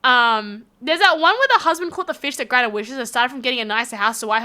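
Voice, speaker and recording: A woman with an Australian accent, chatting casually on a live stream, reading out chat messages with a giggly, animated manner. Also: high-pitched, brisk, smooth.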